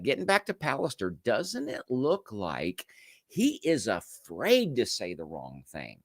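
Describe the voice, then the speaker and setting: Animated man firing off rhetorical questions. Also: medium pitch, no room sound, clean studio sound. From United States. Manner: rhetorical questions, answering himself. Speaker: livestream show host. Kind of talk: casual livestream commentary reading viewer comments.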